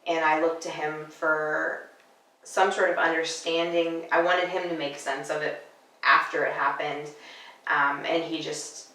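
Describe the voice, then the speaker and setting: A woman speaking quietly and in a measured way in a personal interview. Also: low voice, little pitch movement. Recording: echoey room.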